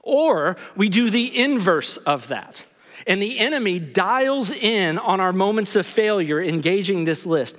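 A man with a high voice preaches a sermon, earnest and conversational, with wry self-mocking asides. His voice rings out in a hall with a long reverb tail. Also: lively intonation, measured pace, a bit bright. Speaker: pastor.

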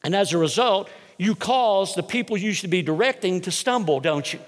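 Emphatic preacher in a reverberant hall. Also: male voice, sits high, lively intonation. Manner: emphatic, slows down to stress key words. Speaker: preacher and teacher. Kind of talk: expository sermon.

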